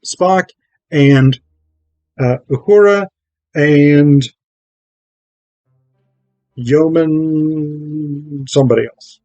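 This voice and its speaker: A man's voice: a little high, darkish tone, no room sound, rough recording. A man recapping a television episode at home, rambling with self-interrupting asides. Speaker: video essayist.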